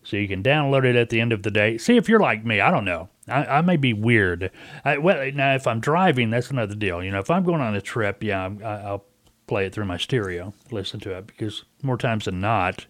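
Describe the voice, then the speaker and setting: A man's voice: fairly low pitch, animated, fairly quick, a bit bright, no echo. A middle-aged man hosting a casual talk radio show, telling a folksy story and acting out a caller's lines.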